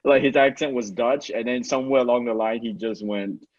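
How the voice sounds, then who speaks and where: A man's voice: medium pitch, a little fast. A man who is a guest on a podcast, chatting casually, asking curious questions and making dry jokes. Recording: dull lo-fi sound.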